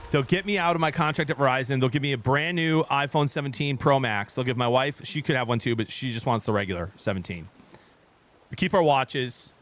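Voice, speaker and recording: A man's voice: medium pitch, brisk, a bit bright. A man in his thirties, a streamer, telling a rambling story in casual chat with his viewers.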